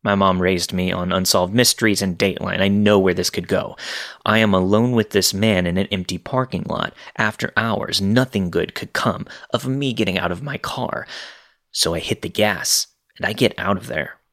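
A man with a fairly low voice narrates creepy true stories. His reading is steady and measured, paced for suspense rather than drama.

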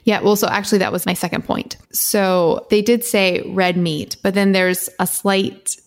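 A woman's voice: mid-range voice, steady tone, normal speed. A woman co-hosting a podcast, reading her own writing aloud in an earnest, impassioned way and laughing now and then. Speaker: podcast co-host.

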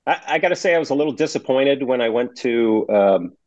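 A man in his sixties answers interview questions in a measured, plainspoken way. He pauses often and fills gaps with fillers. His voice sits at a middle pitch on a dry, slightly muffled recording. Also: expressive, darkish tone, dry recording. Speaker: guest, retired federal agent. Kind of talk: conversational interview.

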